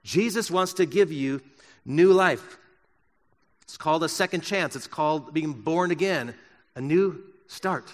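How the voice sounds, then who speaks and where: A man preaching a sermon in a church, swinging from loud emphasis to soft, slow words. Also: fairly high pitch, long reverb tail. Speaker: pastor. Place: church sanctuary.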